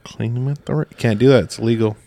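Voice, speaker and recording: A man's voice: medium pitch, fairly even intonation, very fast, gravelly, dark tone, no echo. Laid-back swearing man, dry mic. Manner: laid-back, profane, laughs often. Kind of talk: casual chat about fishing.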